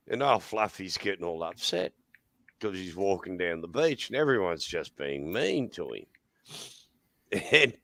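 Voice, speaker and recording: In casual conversation, an Australian man tells a funny story, laughing often and switching to high voices to quote people. His tone is fairly bright, and there's no room sound.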